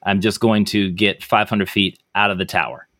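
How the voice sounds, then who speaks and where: A man's voice: on the low side, fairly even intonation, moderate pace, bright, forceful tone, no echo, clean studio sound. A man playing a tabletop game, talking casually with stumbling restarts. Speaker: player.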